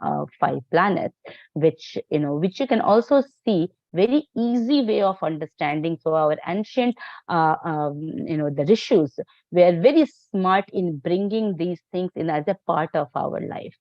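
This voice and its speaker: Halting woman teaching astrology, dull dry sound. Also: on the low side, lively intonation, dry recording. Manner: halting, many fillers and restarts. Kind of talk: live online class lecture.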